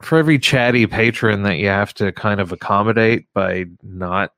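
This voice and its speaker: A man hosting a casual radio talk show, speaking in a halting way with frequent restarts and fillers. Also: fairly low pitch, vocal fry, a bit bright, no echo, clean studio sound. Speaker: radio show host and comedy show runner.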